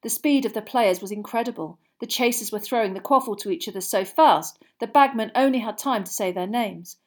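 A woman reading a storybook aloud in steady narration. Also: on the high side, brisk. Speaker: audiobook reader.

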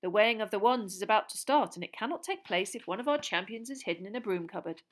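A woman's voice: medium pitch, animated, quick pace, lightly acted. A woman doing a courteous twinkly old wizard. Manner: courteous, gently wry.

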